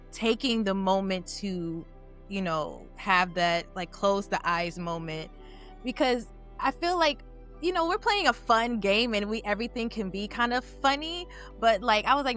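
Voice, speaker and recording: A woman's voice: medium pitch, measured pace, a bit bright, faint music behind. A young adult woman talking candidly and casually as a panelist on a game aftershow, with plenty of "like" fillers. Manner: candid and chatty, heavy use of "like". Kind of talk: casual chat.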